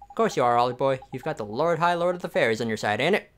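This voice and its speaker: A man's voice: medium pitch, expressive, very fast, slight background noise, lightly acted. Cocky male fairy sidekick, chummy and boastful, read by a man.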